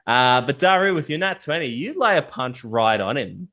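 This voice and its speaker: A man's voice: mid-range voice, lively intonation, normal speed, pushed and bright. A man narrating a tabletop game as game master, casual and full of fillers and restarts.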